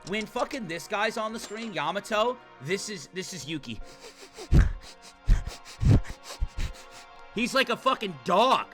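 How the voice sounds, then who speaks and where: A young man streaming a game, riffing excitedly to his chat and swearing freely at a desk mic. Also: sits high, normal speed, hardly any pauses, faint music behind. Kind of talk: gaming livestream commentary.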